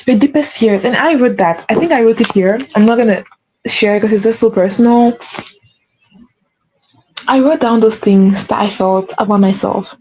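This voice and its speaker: A woman with a fairly high, mellow voice talks earnestly to the camera like a faith coach. She often says the same phrase twice for weight. Her tone stays soft and warm, with no edge. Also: rough recording. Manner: earnest, repeats phrases for emphasis. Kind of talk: earnest spiritual pep talk to camera.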